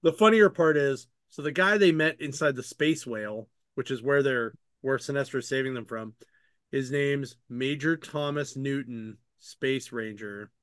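A man's voice: medium pitch, unhurried, fairly bright tone, clear, resonant tone, dry recording, studio quality. A man hosting a casual chat, rambling with many fillers and restarts as he retells story scenes in his own voice. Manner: paraphrases characters' lines in his own voice. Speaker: podcast host reviewing comic books.

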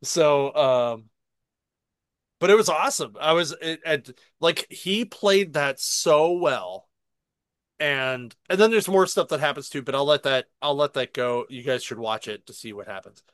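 A man in casual podcast chat, retelling a show in an animated way and swearing freely. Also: on the high side, measured pace, no echo. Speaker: podcast co-host.

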